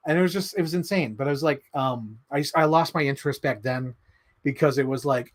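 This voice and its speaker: Guy ranting on his live stream, kinda high voice, rambly, swears a lot, super opinionated. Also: fast talker, fairly bright tone. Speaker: livestream host. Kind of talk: casual live-stream chat.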